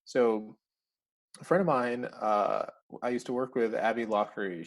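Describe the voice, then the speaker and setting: A man's voice: medium pitch, measured pace. A man talking as a podcast guest in a casual interview, chatty and laughing often as he acts out bits of dialogue.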